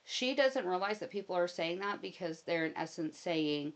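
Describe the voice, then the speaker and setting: A woman's voice: fairly low pitch, animated, normal speed, a little hiss or hum. Opinionated woman hosting commentary. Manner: opinionated, talks through long personal anecdotes. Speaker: commentary host. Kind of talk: casual commentary.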